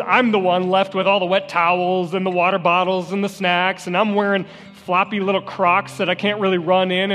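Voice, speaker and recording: In a church sanctuary with long hall reverb and faint guitar music, a high-pitched man with a fairly bright tone preaches as pastor. He shares personal stories earnestly, repeating key phrases to drive them home.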